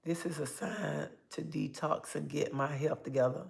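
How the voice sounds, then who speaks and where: Gravelly older woman chatting on a livestream. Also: deep voice, moderate pace. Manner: chatty, animated storytelling with bursts of excitement. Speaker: livestream host. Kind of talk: casual live-stream chat, reading comments aloud.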